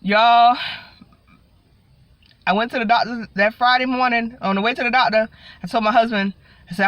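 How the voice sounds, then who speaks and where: A woman's voice: on the high side, fairly even intonation, moderate pace, long pauses, fairly bright tone, no echo. Chatty woman telling a story. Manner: chatty, keeps calling out to viewers, acts out quoted people. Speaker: vlogger. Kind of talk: casual storytime monologue. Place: inside her parked car. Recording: dull lo-fi audio.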